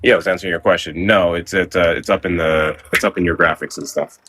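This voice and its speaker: A man's voice: sits low, steady tone, fast, a bit bright, a little hiss or hum. Casual man calling into a stream. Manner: casual, puzzled questioning.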